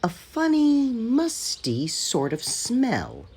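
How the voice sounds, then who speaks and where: A man voicing a cheeky, boastful little male tank engine with a high, excitable voice. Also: extremely slow, slightly rough, full character voice. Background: music.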